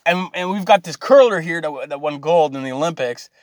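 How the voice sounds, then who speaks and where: A man's voice: fairly high pitch, fairly quick, a little mellow, no room sound, clean studio sound. Rambling, foul-mouthed Canadian man. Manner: profane, easily sidetracked, loose and rambling. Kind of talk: rambling comedic rant.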